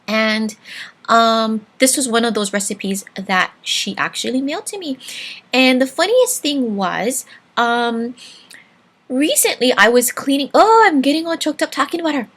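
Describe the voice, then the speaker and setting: A woman's voice: fairly high pitch, animated, measured pace, a bit bright. A woman from Hawaii hosting a cooking vlog, chatting with viewers in a digressive, friendly way. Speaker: cooking channel host. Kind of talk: casual cooking vlog chat.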